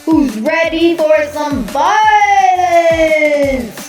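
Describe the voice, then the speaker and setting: A woman voicing an overexcited male wrestling announcer who bellows drawn-out hype. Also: sits high, animated, heavy reverb, distant mic, soft background music, voice pushed up. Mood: hyped.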